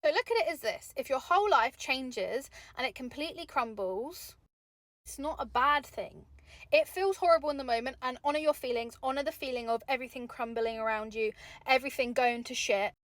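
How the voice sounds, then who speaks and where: A woman's voice: sits high, fairly quick, a bit bright, no room sound. A young woman giving candid, chatty motivational talk to camera, swearing casually. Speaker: vlogger.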